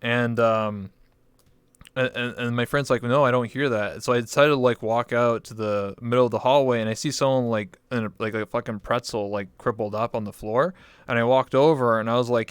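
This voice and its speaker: A man hosting a casual interview, rambling through his stories with plenty of likes and ums. His voice is smooth and resonant. It is recorded dry and close. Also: medium pitch, steady tone, a little fast, dry recording. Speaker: interview host. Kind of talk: casual chat.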